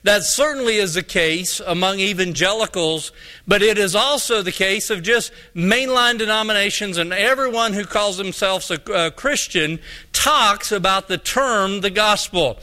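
A man's voice: high-pitched, bright, forceful tone. A man preaching a sermon, a pastor from Colorado who tells a folksy story and acts out both sides of the dialogue.

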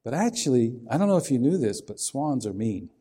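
Male preacher, mellow tone, folksy sermon delivery that asks the listeners questions. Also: medium pitch, big pitch swings, brisk, slightly rough.

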